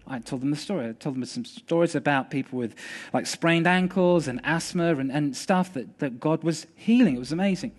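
A man with a notably high voice delivers a sermon as a personal story. He talks in a casual, animated way, tripping over words now and then as he tells it. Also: brisk. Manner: animated, conversational storytelling with restarts. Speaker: preacher.

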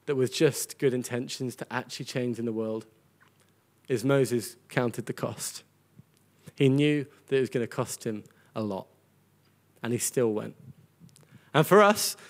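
A man preaching a sermon to a congregation, earnest and conversational, often repeating words as he goes. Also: a little high. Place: church gathering with a congregation.

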